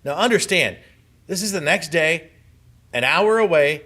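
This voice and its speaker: Man from southern california, conference testimony, bright forceful voice, earnest storytelling. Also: on the high side, lively intonation, unhurried. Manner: vivid first-person storytelling, earnest. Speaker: conference speaker. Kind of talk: personal testimony speech. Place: conference hall.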